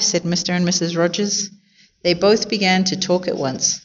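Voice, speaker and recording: A woman reading a children's picture book aloud in a clear, expressive way. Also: fairly low pitch, moderate pace, muffled recording. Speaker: storyteller.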